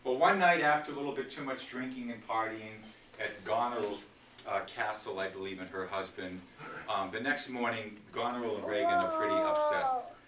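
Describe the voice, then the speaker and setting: A man's voice: mid-range voice, animated, moderate pace. Casual library lecture, chatty man, roomy echo, faint room hiss behind. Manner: chatty, storytelling retelling with asides. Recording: echoey room from far off.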